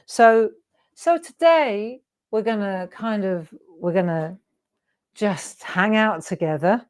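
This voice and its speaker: A woman's voice: medium pitch, slow pace, a little mellow. A middle-aged woman hosting a live craft demonstration, chatty and encouraging, often asking her viewers questions. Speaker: craft show host.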